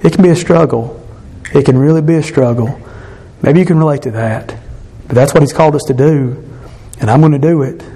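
A man's voice: fairly high pitch, fairly quick, long pauses, husky. Man preaching a candid evening sermon. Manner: candid, self-deprecating, animated preaching with sighs. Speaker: pastor. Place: church sanctuary.

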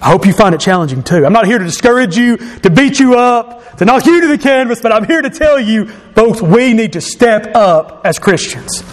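High, animated preacher man in a reverberant church. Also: moderate pace, few pauses. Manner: emphatic preaching that swells into shouts. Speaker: pastor. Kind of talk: sermon. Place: church sanctuary. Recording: long reverb of a church hall.

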